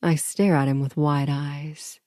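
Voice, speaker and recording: A woman's voice: sits low, steady tone, unhurried, warm tone, no room sound, clean studio sound. A woman narrating a first-person audiobook in an intimate, murmuring manner.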